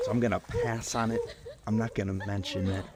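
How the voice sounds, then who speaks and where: A man's voice: lowish voice, steady tone, fairly quick, over a noisy crowd. A man hosting a solo sports podcast, joking and rambling through topics with a self-mocking tone. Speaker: podcast host.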